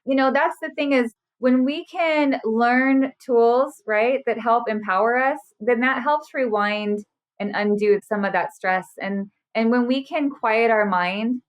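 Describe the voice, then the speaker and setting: A woman's voice: fairly high pitch, measured pace, lo-fi sound. A woman in her thirties, a burnout specialist, talking earnestly and animatedly as a podcast guest. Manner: earnest, animated, acts out quotes. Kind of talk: casual interview chat.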